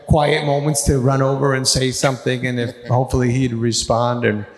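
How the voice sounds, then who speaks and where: A man's voice: mid-range voice, little pitch movement, normal speed. A man hosting a live on-stage chat, telling rambling, profane anecdotes and laughing through them. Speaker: host. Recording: roomy hall with long reverb.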